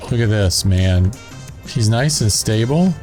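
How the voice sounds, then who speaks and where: A man with a gentle Southern drawl and a fairly low voice talks his way through a building game. He chats casually and thinks aloud as he works, while faint music plays underneath. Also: lively intonation, unhurried. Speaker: gaming channel host.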